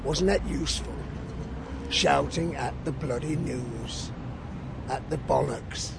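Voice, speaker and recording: A man's voice: medium pitch, slow pace, vocal fry, background noise. A man, a peace campaigner, giving angry, profane interview answers and asking many rhetorical questions.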